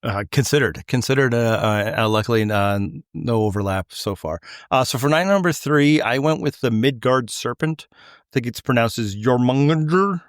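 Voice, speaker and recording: A man's voice: medium pitch, expressive, moderate pace, dry recording, clean studio sound. A middle-aged man with a Canadian accent, hosting a casual podcast chat in a loose, rambling way that wanders mid-sentence. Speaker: podcast host.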